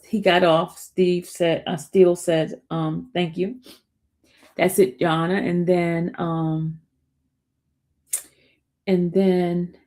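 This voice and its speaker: A woman hosts a casual live stream and talks straight to her viewers. She tells the story in a chatty, animated way and keeps calling them y'all. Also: mid-range voice. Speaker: show host recapping a trial.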